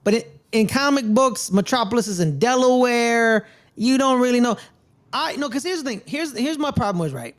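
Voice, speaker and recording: A woman's voice: a little high, animated, normal speed. A woman co-hosting a casual movie review podcast, pressing her point insistently in a friendly debate. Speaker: podcast co-host.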